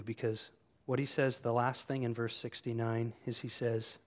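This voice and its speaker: A man preaching a sermon to his congregation, animated and conversational, acting out quoted voices as he tells the story. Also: mid-range voice, normal speed. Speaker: pastor. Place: church room with congregation.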